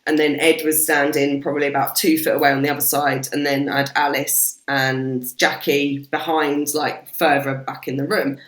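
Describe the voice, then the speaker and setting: A British woman, a podcast guest, telling stories in a casual, animated way and swearing freely. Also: deep voice, normal speed, hardly any pauses. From Britain. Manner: animated, swears freely, acts out quoted voices. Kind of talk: casual storytelling chat. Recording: roomy echo.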